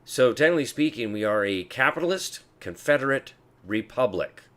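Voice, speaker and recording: A man speaking as a guest in a casual discussion, emphatic but halting and full of fillers. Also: medium pitch, animated, a bit bright.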